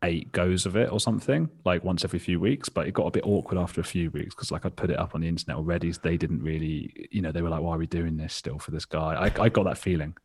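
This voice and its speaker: A man in his early thirties talks as a guest on a podcast, with a very low voice. He rambles through his stories in a self-mocking way, laughing and swearing casually. His tone has a husky, breathy edge. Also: fast, few pauses, no echo, clean studio sound. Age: 30s. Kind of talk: casual interview chat.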